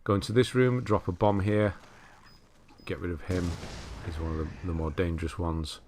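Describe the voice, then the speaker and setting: Low-voiced man commentating gameplay. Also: normal speed, background noise. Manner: relaxed, chatty, laughs at himself, self-correcting. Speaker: walkthrough commentator.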